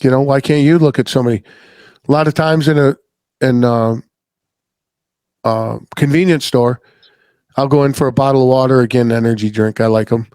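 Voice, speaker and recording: A man's voice: medium pitch, steady tone, normal speed, pauses often, a little mellow, dry recording. A middle-aged man hosting a podcast, telling a story in a blunt, rambling, folksy way and swearing freely. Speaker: podcast host. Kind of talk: casual storytelling chat.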